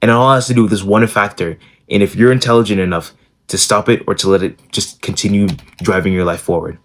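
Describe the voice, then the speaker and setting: Young guy vlogging, lowish voice, blunt, swears a lot. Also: steady tone, fast. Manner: blunt and casual, swears freely. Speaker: self-improvement YouTuber. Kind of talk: casual storytelling vlog.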